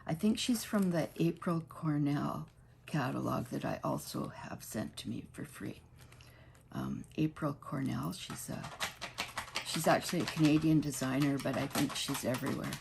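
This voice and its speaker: A woman's voice: deep voice, normal speed, gravelly, noisy background. A woman hosting a casual crafting tutorial at home, chatty and rambling, often restarting mid-sentence.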